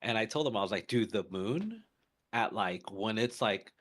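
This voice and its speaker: Rambling man with a lowish voice. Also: expressive, normal speed, fairly bright tone. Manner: rambling storyteller, many fillers and restarts. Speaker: podcast co-host. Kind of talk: casual chat.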